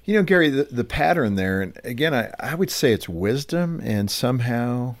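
A man's voice: medium pitch, lively intonation, normal speed. A man hosting a faith interview, asking long, probing questions and thinking aloud. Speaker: radio show host.

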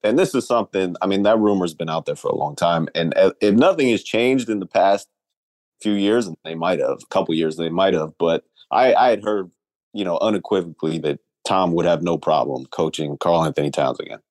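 Low-pitched man weighing trade options. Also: darkish tone, no room sound. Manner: measured, weighing options, with restarts. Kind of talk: casual basketball chat.

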